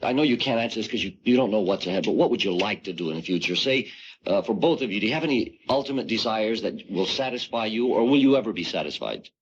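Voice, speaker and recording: A man's voice: on the low side, animated, fast talker. A man hosting a radio interview, asking questions informally. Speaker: radio host. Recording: muffled 1970 radio broadcast with faint hiss.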